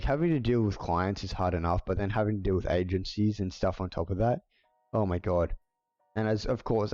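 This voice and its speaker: A man's voice: low voice, mellow, dry recording. A man chatting casually on a livestream, rambling along with lots of filler words. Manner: rambling, filler-heavy with many "like"s. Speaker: livestreamer and video editor. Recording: slightly dull audio with faint music.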